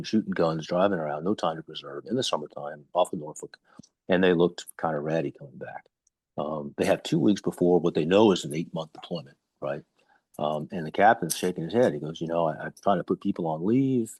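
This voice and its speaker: A man's voice: sits low, a little mellow, breathy edge, no echo. A man in his fifties with an American accent, a guest on a podcast, telling anecdotes with frequent ums. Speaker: retired navy captain guest. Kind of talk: conversational podcast interview.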